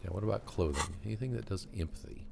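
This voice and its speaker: A man's voice: fairly low pitch, fast talker, gravelly, heavy background noise. A man playing a game, reading its text aloud and muttering skill names. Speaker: gamer.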